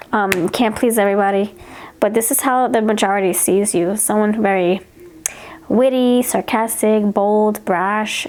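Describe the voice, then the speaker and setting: Chatty higher-voiced woman reading tarot. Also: a little hiss or hum. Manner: chatty, repeats words, reads card messages aloud. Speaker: tarot reader. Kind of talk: pick-a-card tarot reading.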